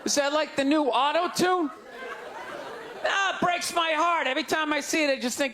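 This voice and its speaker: A man doing stand-up comedy, ranting loudly and incredulously, shouting his punchlines to an audience on stage with a handheld mic. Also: very high voice, normal speed. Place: large comedy venue on stage. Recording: live show with crowd laughter and noise. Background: audience laughing and groaning.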